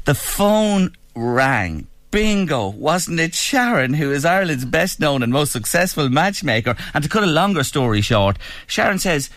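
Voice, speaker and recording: A man's voice: a little high, big pitch swings, normal speed, a bit bright, no room sound. A man hosting a casual radio show in a studio, chatty and sentimental, telling stories to listeners.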